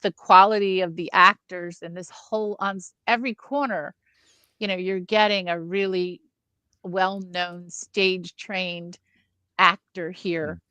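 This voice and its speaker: A woman's voice: lowish voice, fairly even intonation, unhurried, sharp tone, clear, resonant tone, no room sound. A woman co-hosting a casual film review podcast, chatty and enthusiastic with trailing restarts. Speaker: podcast co-host.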